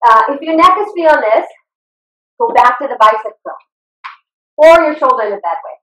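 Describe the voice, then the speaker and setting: Breathless high-voiced woman coaching a workout. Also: a little fast. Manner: encouraging, gives steady cues while exercising along. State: out of breath from exercising. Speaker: fitness instructor. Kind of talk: live online workout coaching. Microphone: video call. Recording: roomy sound from away from the mic.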